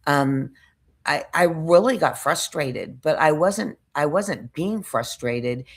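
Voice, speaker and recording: A woman's voice: low voice, slow. A woman vlogger telling a story in a casual, rambling way, frustrated, restarting sentences and searching for words. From United States.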